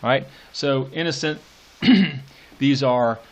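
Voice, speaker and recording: A male teacher lectures on poetry at a slow, measured pace. He pauses often and fills gaps with "uh" and "um". When he reads verse aloud he stretches each word with deliberate care. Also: mid-range voice, dull audio. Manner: unhurried, hesitant with many fillers, reads lines slowly and deliberately.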